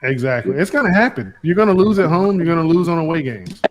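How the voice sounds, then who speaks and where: A man's voice: on the high side, expressive, fast. A man hosting a casual show, joking and teasing his guests in slangy banter. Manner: joking, slangy, says "bro" often. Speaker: show host.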